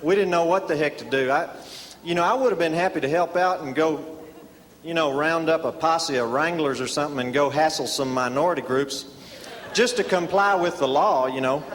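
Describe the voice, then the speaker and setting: A man telling a folksy tall tale as stand-up comedy, deadpan, with many drawn-out "uh"s. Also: fairly high pitch. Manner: deadpan folksy storyteller with filler "uh"s. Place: live comedy stage before an audience. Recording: reverberant live hall, audience laughter.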